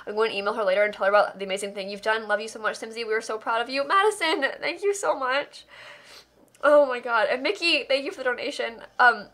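Bright-voiced young woman streamer, effusive. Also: a little high, quick pace. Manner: effusive, emotional thanks. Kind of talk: live charity stream, reading donation messages.

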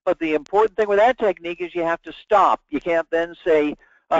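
In a dull, dry, lo-fi webinar recording with no echo, a man speaks with a fairly quick, high-sitting voice. He's a sales trainer giving a lecture, talking emphatically and acting out sample phone calls.

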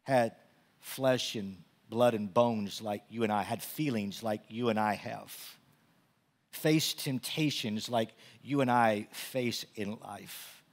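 A man's voice: lowish voice, slow. Man preaching, repeating words as he builds. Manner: repeats words when excited, builds to loud animated storytelling. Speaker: pastor. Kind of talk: sermon.

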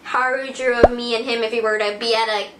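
A woman vlogging a parcel unboxing in casual chat, tearful and gushing with excited exclamations. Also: a little high, a little fast, reverberant, background noise.

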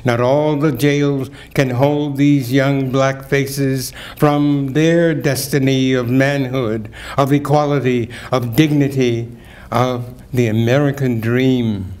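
Older man, slow dramatic poetry reading. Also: medium pitch, steady tone, darkish tone. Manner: slow, declamatory, rising to ringing emphasis on key words. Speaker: keynote speaker reading poetry. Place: event hall at a community breakfast.

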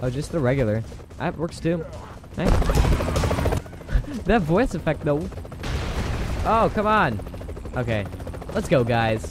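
A young man casually commenting on a game as he plays, excitable and quick to exclaim. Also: a little high, background noise. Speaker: gameplay commentator. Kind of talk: casual let's play commentary. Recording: game music and gunfire loud behind voice. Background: game music and gunfire.

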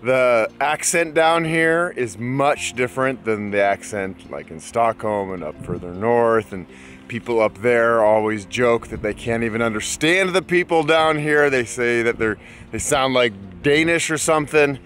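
A man's voice: medium pitch, measured pace, fairly bright tone, soft background music. An American man chatting casually and enthusiastically to his viewers while out on a bike ride. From United States. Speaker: travel vlogger. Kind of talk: casual travel vlog. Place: outdoors, riding a bike.

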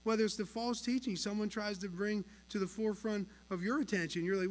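A man preaching a sermon at an evening church service, earnest and emphatic, swinging between soft, low passages and louder pushes. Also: steady tone, fairly quick, hardly any pauses. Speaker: pastor. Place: church sanctuary. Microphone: pulpit mic.

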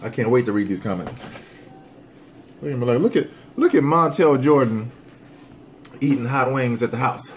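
A man doing a casual hot sauce challenge vlog at home, animated and joking while his mouth burns from the sauce. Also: medium pitch, moderate pace, long pauses, a little hiss or hum. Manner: animated, joking, breaks into whoops and coughs. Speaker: vlogger.

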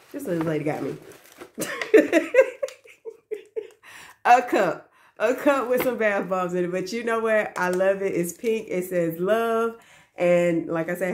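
A woman's voice: mid-range voice, slight background noise. A young woman who works as a daycare teacher, chatting casually to the camera about her gifts in a gushing, repetitive way and talking to viewers as y'all. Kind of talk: casual gift haul chat to camera.

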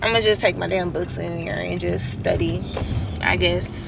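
A woman's voice: on the low side, normal speed, gravelly. A young woman vlogging from inside a car, venting frankly about a test. She swears freely, leans on "like" a lot, and sounds stressed and tired. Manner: frank, swears freely, heavy use of filler "like". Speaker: student vlogger. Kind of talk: casual venting vlog. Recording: steady car noise behind.

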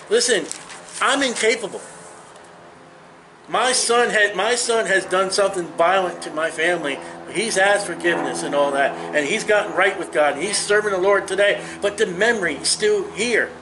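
A man in his fifties leads a Bible study in a high, earnest voice, preaching conversationally and with emphasis. He speaks to his listeners personally and directly. Faint noise sits under the recording. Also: sharp tone, rough recording.

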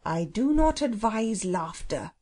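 A woman reading a children's audiobook, voicing a polite, know-it-all male phoenix who speaks slowly and formally. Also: medium pitch, sing-song, darkish tone, breathy edge. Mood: explaining. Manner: slow, stately, formal. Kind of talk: storybook reading.

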